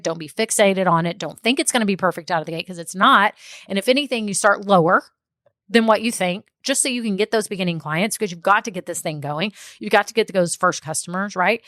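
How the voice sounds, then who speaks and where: A woman's voice: mid-range voice, a bit bright, dry recording, studio quality. A woman hosting a solo podcast as a small business coach, talking in a chatty, upbeat way and laughing often.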